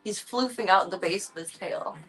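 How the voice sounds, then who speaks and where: A woman's voice: medium pitch, normal speed, fairly bright tone, faint music behind, rough recording. A woman livestreaming from home, chatting casually and cooing playfully at her cats in baby talk.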